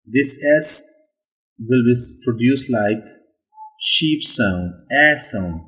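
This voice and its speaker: Slow, deliberate male pronunciation teacher. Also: mid-range voice, animated, sharp tone, rough recording. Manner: slow, deliberate, repeats "okay" often. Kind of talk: explaining English pronunciation.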